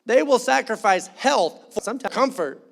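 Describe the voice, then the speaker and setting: A man's voice: very high voice, lively intonation, moderate pace, vocal fry, fairly bright tone. A man preaching in church, conversational and joking, acting out quoted voices. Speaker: pastor. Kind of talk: sermon.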